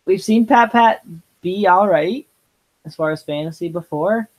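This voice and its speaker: Relaxed joking male co-host. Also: high voice, unhurried, low-quality recording. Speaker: podcast co-host. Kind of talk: casual chat.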